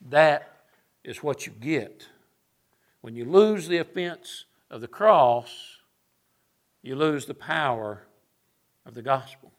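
A man's voice: fairly high pitch, lively intonation, slow pace, long pauses. A man preaching a sermon, emphatic and sarcastic, building his points through lists.

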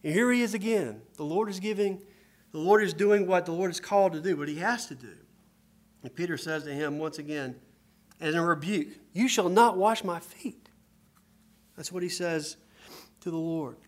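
High-voiced man preaching a sermon. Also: brisk. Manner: swings from hushed storytelling to loud emphatic preaching.

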